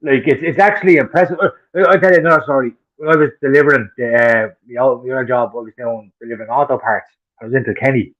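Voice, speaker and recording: A man's voice: mid-range voice, steady tone, quick pace, highs cut off. An Irish man co-hosting a podcast, telling profane, heated stories in casual chat. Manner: profane, heated ranting storyteller. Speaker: podcast co-host.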